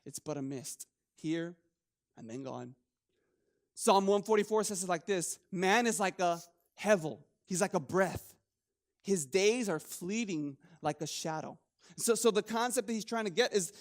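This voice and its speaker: A young man preaching a casual sermon, joking with the congregation and restarting his sentences often. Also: sits high. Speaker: pastor.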